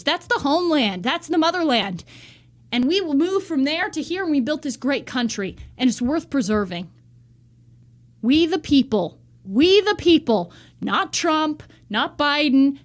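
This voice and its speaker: A woman delivering a heated, profane rant to camera in a vlog monologue. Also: sits high. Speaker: vlogger.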